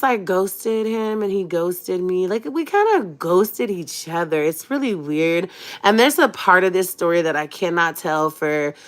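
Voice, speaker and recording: A young woman from California, a bit sick with a cold, telling a dramatic personal story to her livestream viewers in a chatty, expressive way. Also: mid-range voice. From Fresno, California. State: has a cold. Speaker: vlogger.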